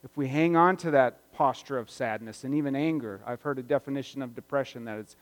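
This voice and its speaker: A man preaching a sermon as pastor, conversational and reflective, moving between louder stretches and hushed ones. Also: medium pitch, brisk. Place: church sanctuary. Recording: long reverb of a church hall.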